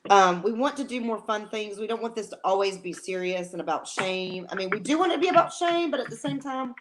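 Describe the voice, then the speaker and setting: A woman's voice: mid-range voice, animated, a little fast, noisy background. A woman co-hosting a casual live-stream chat from home, talking in an emotional, rambling way with many restarts. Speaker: co-host.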